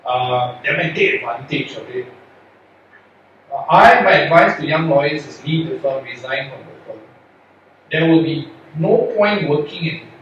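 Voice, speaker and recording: A man's voice: a little high, dull audio. A man, a lawyer, giving an earnest, rambling talk to young lawyers, full of rhetorical questions. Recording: echoey hall from far off, faint noise.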